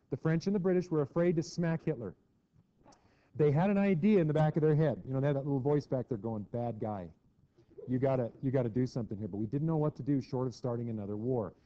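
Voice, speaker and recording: A middle-aged man lectures a class on history, chatty and lively, breaking into mock voices for the people he quotes. His voice sits a little high for a man. The recording is dull and lo-fi. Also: quick pace. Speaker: teacher.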